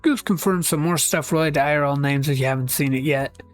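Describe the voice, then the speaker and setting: A woman giving casual commentary on fan posts with wry, deadpan asides and quick switches into character voices. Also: low voice. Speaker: video essayist reading fan posts. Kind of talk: casual scripted commentary with skits. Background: faint background music.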